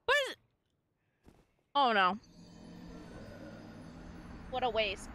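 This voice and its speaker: A woman streaming a video game live, giving casual commentary in an excitable way, swearing often and erupting in frustrated outbursts. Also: on the high side, extremely slow, heavy background noise.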